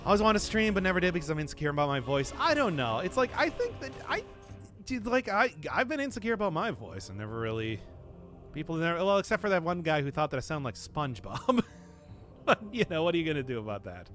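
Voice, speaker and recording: A male streamer with a fairly high voice that swoops up and down freely as he rambles to his viewers mid-game. He chuckles often and answers chat in a loose, casual way. Quiet game music plays underneath. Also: sing-song, fast talker. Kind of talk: casual live-stream commentary while gaming.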